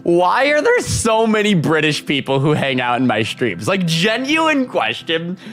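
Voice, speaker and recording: Animated, rambling male streamer. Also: fairly high pitch, measured pace. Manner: animated, rambling, reads chat aloud and laughs often. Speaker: live streamer. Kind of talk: casual chat with live stream viewers.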